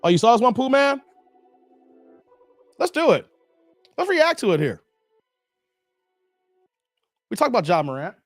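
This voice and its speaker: A man's voice: extremely high pitch, unhurried, long pauses, no echo, soft background music. A man hosting a livestream, talking bluntly and casually to his chat. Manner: animated, blunt, talks straight to chat. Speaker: livestream host.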